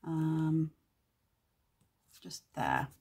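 A woman hosting a casual crafting tutorial, chatting and thinking aloud as she works, with quiet muttered asides to herself. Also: sits low, big pitch swings, very slow, slightly rough. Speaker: craft channel host.

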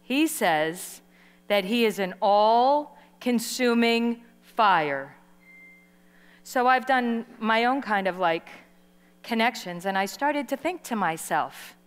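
A middle-aged woman preaching a sermon, telling a story with lively acted-out quotes and calling for responses from the audience. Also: fairly high pitch, takes it slowly, smooth. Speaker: guest preacher. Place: large hall. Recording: live sermon in a reverberant hall.

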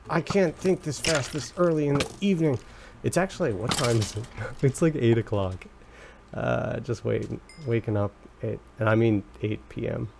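A young man gives loose, rambling game commentary in a gravelly, mid-pitched voice. He gets excitable and jumps into high squeals when something startles him. A faint hiss runs under the recording. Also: normal speed. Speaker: let's play commentator. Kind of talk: casual gameplay commentary.

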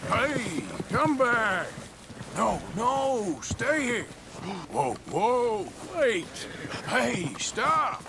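An actor playing a rugged cowboy who coaxes a horse in a soothing, drawling manner, in game audio with loud noise. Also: male voice, extremely high pitch, sing-song, drawn-out words, exaggerated voice. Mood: urgent. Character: rugged male cowboy gently coaxing a horse.

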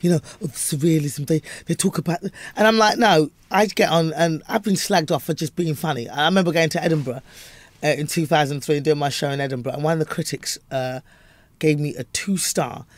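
Brief: London woman, Cockney accent, comedian guest, lively storyteller, dry studio sound. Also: low voice, fairly quick, dry recording. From London, England. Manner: animated storyteller, acts out voices. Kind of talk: interview chat.

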